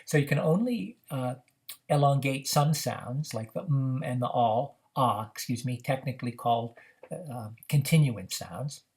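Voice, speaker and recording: A man teaching how to run a reading activity, explaining in a measured way with frequent "uh" fillers. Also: medium pitch, expressive, darkish tone. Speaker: reading program instructor. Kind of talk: instructional demonstration.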